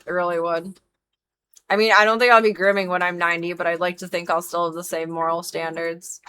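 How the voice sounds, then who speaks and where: A woman's voice: fairly low pitch, flat delivery, a little fast, bright, forceful tone, smooth. A woman in her thirties, a streamer and dog groomer, talking frankly and emphatically on a live stream and swearing freely. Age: 30s. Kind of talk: casual live-stream chat.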